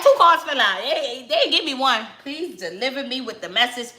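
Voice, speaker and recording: A woman with a Brooklyn accent talking casually and candidly, loud and direct, in a reflective vlog. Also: high voice, big pitch swings, normal speed, hardly any pauses, roomy sound, slight background noise. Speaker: spiritual vlogger, tarot reader.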